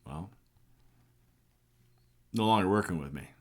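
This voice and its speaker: A man's voice: low-pitched, expressive, unhurried, husky. A middle-aged man giving an earnest, passionate personal testimony. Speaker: speaker sharing a personal story.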